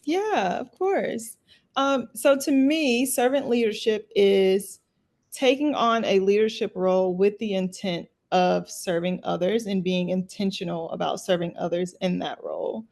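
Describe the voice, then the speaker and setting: A woman's voice: mid-range voice, a little slow, gravelly, darkish tone. A young woman in her twenties, a veterinarian, answering interview questions earnestly and thoughtfully. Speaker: veterinarian guest.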